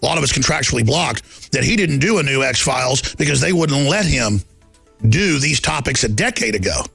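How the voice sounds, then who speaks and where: A middle-aged man hosting a talk show, delivering an impassioned monologue with emphatic swings from quiet storytelling to loud defiance and acting out the people in his stories. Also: medium pitch, lively intonation, a little fast, creaky, slightly rough, soft background music. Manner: acts out quoted people in the stories.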